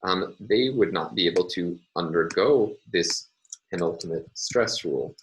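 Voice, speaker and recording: A man lecturing on phonology in a measured, explanatory way, pausing often with "uh" and "um". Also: sits low, slight background noise, low-quality recording. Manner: measured, explanatory, with frequent "uh" and "um" pauses. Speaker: university lecturer. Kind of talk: recorded academic lecture.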